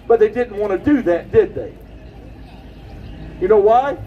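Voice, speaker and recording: A man giving an impassioned rally speech outdoors, preaching and shouting at the crowd. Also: sits high, expressive, measured pace, distant mic, muffled recording, slight background noise. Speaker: rally speaker.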